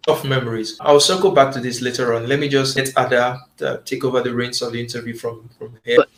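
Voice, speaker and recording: A man interviewing a guest with measured, probing questions. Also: medium pitch, little pitch movement, fairly bright tone, roomy sound, rough recording.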